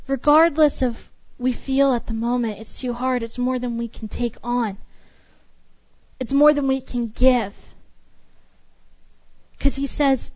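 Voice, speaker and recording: A high-pitched woman delivers a sermon, hammering her points home through steady repetition. Her voice comes through a dull, slightly lo-fi recording with a dry, close sound. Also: slow pace, long pauses, dry recording. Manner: emphatic, repetitive preaching cadence. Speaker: preacher.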